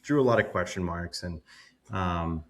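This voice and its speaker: A man's voice: low voice, normal speed. A man co-hosting a sports podcast, giving bold, jokey takes in casual chat. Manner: animated, jokey, bold opinions. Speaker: podcast co-host.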